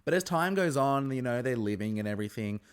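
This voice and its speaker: A man giving a casual, chatty episode review, acting out the contestants with sudden high-pitched squeals. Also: fast talker, clear, resonant tone. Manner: chatty, animated, jumps into high squeals when excited. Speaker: reality TV recap host.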